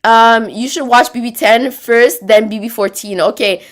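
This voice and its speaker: A woman's voice: on the high side, moderate pace. A woman with a Quebec French accent, hosting a casual livestream, chatting, rambling and reading viewer comments aloud. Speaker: livestream host reading chat.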